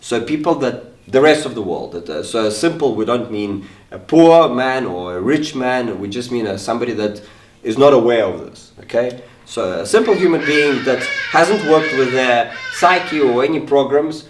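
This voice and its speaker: A man's voice: mid-range voice, animated, normal speed. A man interpreting a seminar talk into English, hesitant, with repeated words and fillers. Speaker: interpreter and co-presenter. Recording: echoey room, mic far off.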